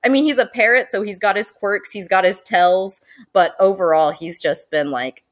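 A woman who manages zoo education, guesting on a podcast, talking in a lively way and laughing often. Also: mid-range voice, normal speed. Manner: animated and chatty, laughs often, uses many fillers. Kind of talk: casual podcast interview.

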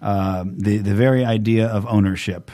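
A man hosting a podcast in casual chat, rambling and animated, swearing freely. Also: on the low side, normal speed. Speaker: podcast host.

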